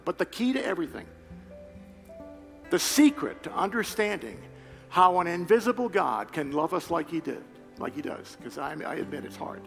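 A man preaching a sermon, telling a personal story with loud animated retellings and quiet earnest appeals. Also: on the high side, moderate pace, gravelly. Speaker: pastor. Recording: reverberant hall with faint music.

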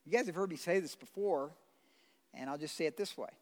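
A man preaching a sermon as pastor, blunt and conversational, swinging from loud pleading to quiet. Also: fairly high pitch, fairly quick. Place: church sanctuary. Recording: long hall reverb.

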